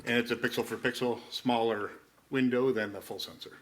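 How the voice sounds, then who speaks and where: A man's voice: mid-range voice, fairly even intonation, fairly quick, slight background noise. A man presenting a camera, answering audience questions in a casual, jokey way. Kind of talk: conference Q&A.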